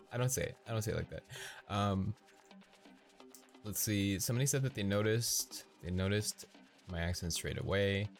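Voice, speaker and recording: A man from the Midwest with a Midwestern American accent, rambling casually as a podcast host, halting with many restarts and frequent laughs. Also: lowish voice.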